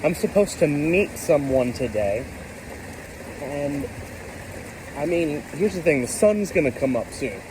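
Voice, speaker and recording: A tired man in casual, rambling vlog commentary, excitable and talking to himself while standing outside in a rainstorm. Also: on the high side, measured pace, pauses often, noisy background. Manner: chatty, excitable, talks to himself, mild self-censored cursing. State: tired from staying up all night. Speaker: vlogger. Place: outdoors on a top step in a rainstorm. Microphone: handheld camera. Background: rain falling.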